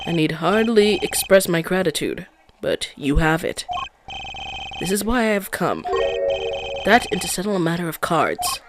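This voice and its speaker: A streamer reading the lines of a calm, mysterious male magician gambler in a formal, measured way, with game music underneath. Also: mid-range voice. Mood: grave. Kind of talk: reading game dialogue aloud.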